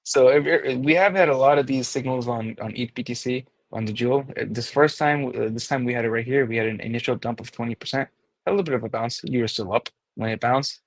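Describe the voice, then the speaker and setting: A man's voice: mid-range voice, fast talker, no echo, rough recording. A man co-hosting a casual chat who walks through trading chart analysis step by step.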